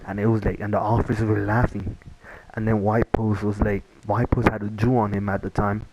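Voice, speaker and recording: A man's voice: on the low side, level tone, a little fast, highs cut off, heavy background noise. A young man telling a casual story-time tale, rambling with many fillers and restarts. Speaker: vlogger.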